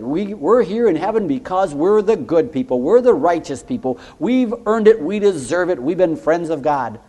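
Male preacher, earnest sermon delivery, a touch higher than usual, reads scripture, quiet emphasis. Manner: earnest, rhetorical questions, frequent "you know"; drops to soft, low tones on key points.

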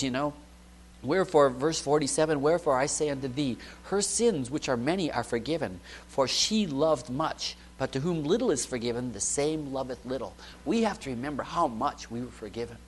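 A man preaching a sermon built around a personal testimony, talking conversationally with many asides and soft laughs, moving between loud stretches and hushed ones. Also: mid-range voice, slight background noise, poor audio. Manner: conversational, frequent "you know" and soft laughs.

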